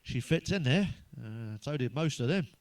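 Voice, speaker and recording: An English man doing a stand-up routine of crude, blunt one-liners, full of swearing, who pitches up when he quotes other people. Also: expressive, moderate pace, no echo. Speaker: stand-up comedian.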